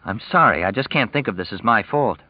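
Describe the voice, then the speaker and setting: A man's voice: lowish voice, lively intonation, brisk, no echo, lo-fi sound. A man voicing a frustrated, defensive young man who pleads and snaps by turns. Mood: exasperated. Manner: pleading and exasperated.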